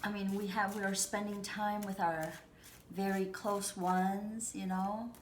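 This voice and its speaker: A woman talks through a tarot reading in a loose, reassuring way, full of fillers and restarts. Her voice sits at an ordinary middle pitch. The room is echoey, with a faint background hiss. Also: level tone, a little slow. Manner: chatty and reassuring, rambling with many fillers and restarts. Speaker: tarot reader. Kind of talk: casual spoken tarot reading. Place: at home.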